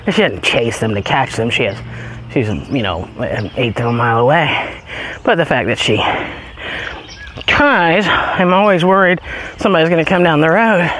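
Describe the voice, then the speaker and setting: A man chatting casually as he walks his dogs up a hilly road outdoors, a bit out of breath, now and then calling the dogs in a high sing-song voice. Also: lively intonation, normal speed, a bit bright, slight background noise. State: out of breath from walking uphill. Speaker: podcast host. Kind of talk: casual walking vlog.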